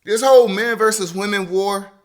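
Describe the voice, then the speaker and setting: A man's voice: sits high, normal speed. A man hosting a podcast, telling a story in casual chat with lots of swearing and acted-out quotes. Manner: profane, animated, acts out quotes. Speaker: podcast host.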